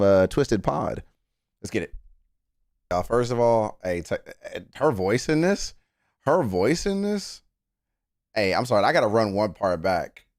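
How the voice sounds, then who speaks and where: A man hosts a casual live-stream reaction in a low voice, heard dry and close with no room around him. He is excitable, cusses freely and jumps up in pitch when something grabs him. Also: no room sound. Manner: excitable, swears often, jumps high in pitch when worked up. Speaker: streamer reacting to music news.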